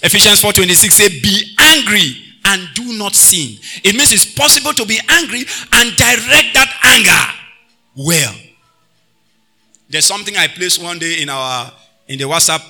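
A man preaches in a high, very bright voice. He moves from loud, emphatic bursts to low, quiet asides and drops pidgin phrases into his talk. Soft music plays faintly underneath. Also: animated, moderate pace. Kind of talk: sermon.

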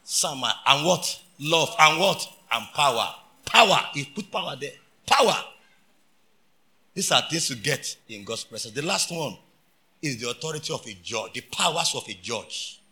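A man with a Nigerian accent preaching a sermon, telling stories and shouting out his points. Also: medium pitch, animated, moderate pace. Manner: preaching with shouted emphasis and storytelling, Pidgin phrases.

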